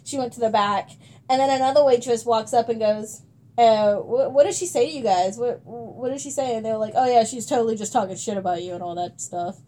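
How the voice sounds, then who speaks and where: A woman's voice: fairly high pitch, a little fast, dark tone. A young woman in casual chat, rambling through stories, acting out quotes and swearing freely.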